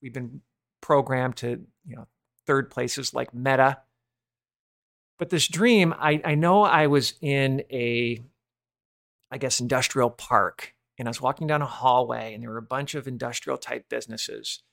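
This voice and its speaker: Gravelly man in his fifties. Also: mid-range voice, measured pace, dry recording, clean studio sound. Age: 50s. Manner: earnest, confessional, trails off quietly. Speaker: host of a watchman ministry podcast. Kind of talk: casual religious testimony.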